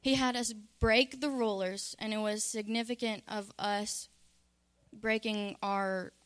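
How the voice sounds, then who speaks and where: A woman speaks in an earnest church testimony, her voice smooth and clear. Her pitch stays even and level, and she pauses often and restarts her sentences. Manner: earnest, halting with fillers and restarts. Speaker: church member sharing a testimony.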